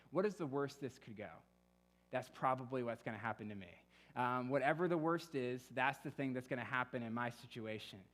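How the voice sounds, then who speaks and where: Conversational pastor preaching in a church hall. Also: male voice, mid-range voice. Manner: storytelling, conversational, acts out quoted voices. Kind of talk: sermon. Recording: long reverb of a church hall.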